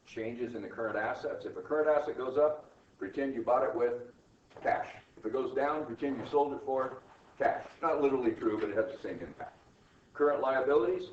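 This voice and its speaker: A man lecturing an accounting class, brisk and coaching, firing rhetorical questions at his students. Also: lowish voice, darkish tone, a little hiss or hum. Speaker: accounting instructor. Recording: echoey classroom, distant mic, dull and lo-fi.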